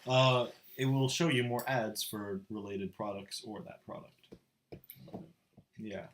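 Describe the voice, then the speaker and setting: A man's voice: lowish voice, slow. A teenage boy co-hosting a casual student podcast, rambling, laughing often and losing his train of thought. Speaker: co-host. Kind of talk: casual chat. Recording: echoey room with faint noise.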